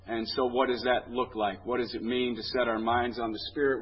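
A man's voice: mid-range voice, husky, lo-fi sound. A man teaching a Bible lesson in a conversational, candid way, telling anecdotes.

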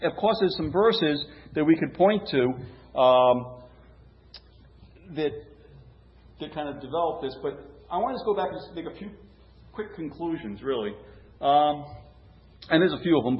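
A man's voice: a little high, very animated, moderate pace. A man preaching a sermon in a conversational way, asking rhetorical questions and restarting phrases. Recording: roomy, dull, lo-fi with faint hum.

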